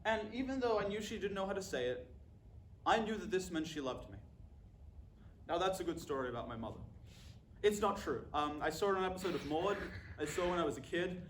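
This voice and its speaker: A man with a high voice delivers a scripted comic monologue, dry and deadpan throughout. The sound is roomy and echoey, with faint ambient noise underneath. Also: brisk.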